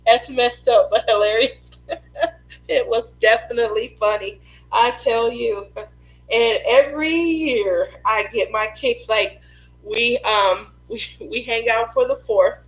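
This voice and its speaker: A woman who hosts a craft live stream tells family stories in a chatty, casual way, laughing often. Her voice is fairly high and slow, and the recording is rough.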